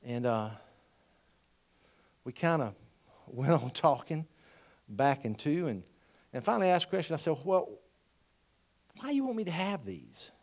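Male preacher, middle-aged, slightly high voice, folksy storyteller with big swings in loudness. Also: very animated, measured pace, pauses often. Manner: folksy, swings from quiet asides to loud exhortation. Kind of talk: storytelling sermon.

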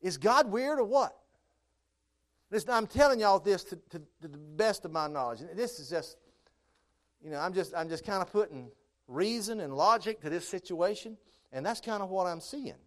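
A man preaching a sermon, moving between calm scripture reading and loud, high, impassioned stretches. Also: moderate pace.

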